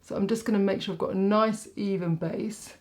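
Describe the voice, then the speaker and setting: A woman talks her way through a makeup tutorial, chatting loosely as she works. She rambles and pokes fun at herself, in a middle-pitched, everyday voice. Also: fairly even intonation, a little fast, darkish tone. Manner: rambling, self-mocking, talks while working. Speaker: makeup artist.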